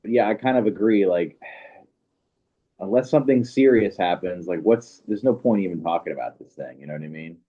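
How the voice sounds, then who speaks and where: A man's voice: low-pitched, lively intonation, a little fast. A man co-hosting a casual livestream, sounding skeptical and hesitant, with many "you know"s. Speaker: co-host. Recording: dull lo-fi audio.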